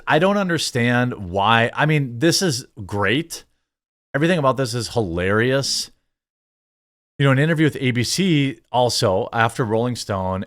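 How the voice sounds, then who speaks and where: A man's voice: mid-range voice, a bit bright. Indignant male commentary host. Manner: mocking, indignant, reads article excerpts aloud. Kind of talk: opinionated online commentary.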